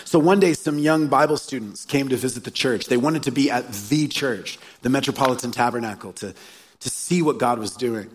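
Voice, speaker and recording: A man's voice: medium pitch, normal speed, breathy edge. A man preaching a sermon as a pastor, earnest and storytelling, repeating key phrases. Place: church hall. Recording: live sermon in a reverberant hall.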